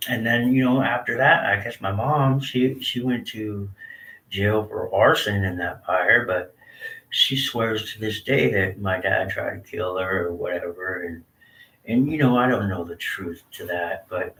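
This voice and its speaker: A low-voiced man rambles through his story in a laid-back, slangy way. He sits back from the microphone in a roomy space, with faint ambience behind him. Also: sharp tone, recorded from a distance, a little hiss or hum. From Southern California. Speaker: storyteller sharing his life. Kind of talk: casual personal storytelling.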